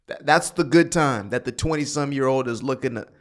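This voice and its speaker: A commentary channel host gives a casual reaction, addressing viewers directly, sighing and breaking into sudden animated bursts. He has a mid-range voice and a brisk delivery.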